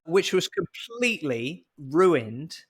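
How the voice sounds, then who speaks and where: A man's voice: on the high side, sing-song, slow, breathy edge. A man co-hosting a podcast, telling a story in a chatty, jokey way. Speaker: podcast co-host. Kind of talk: casual podcast chat.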